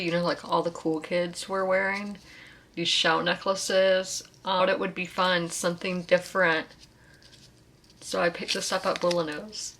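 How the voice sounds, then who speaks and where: A woman's voice: on the low side, sharp tone. A woman book vlogger talking casually about her reading in a chatty, rambling way, often correcting herself. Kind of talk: casual chat.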